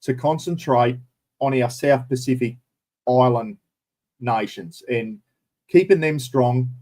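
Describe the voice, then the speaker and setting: A man's voice: mid-range voice, takes it slowly, darkish tone. A middle-aged Australian man hosting a casual live stream and answering viewers, blunt and opinionated, swearing now and then. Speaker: livestream host.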